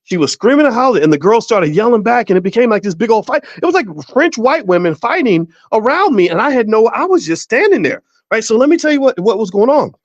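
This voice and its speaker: A middle-aged man hosting a finance show, talking straight to his audience in a casual, emphatic way, with many restarts and lively storytelling. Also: very high-pitched, fast talker, few pauses, no echo. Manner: emphatic, repetitive restarts, storytelling with exaggerated voices. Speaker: finance educator and show host. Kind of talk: casual direct-to-camera commentary. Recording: dry, dull lo-fi sound.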